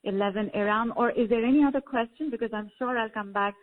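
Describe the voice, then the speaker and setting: Measured woman spiritual teacher on a phone line. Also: a little high. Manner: measured, explanatory, affectionate. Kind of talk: call-in coaching talk. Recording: phone-line call audio.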